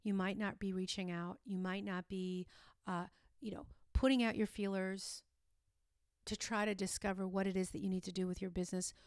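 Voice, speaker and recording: Woman, podcast host, mid-pitched, earnest, encouraging, lots of restarts, dry close sound. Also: steady tone, normal speed, clean tone, no echo. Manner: earnest and encouraging, with frequent restarts and "you know". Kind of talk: motivational solo podcast talk.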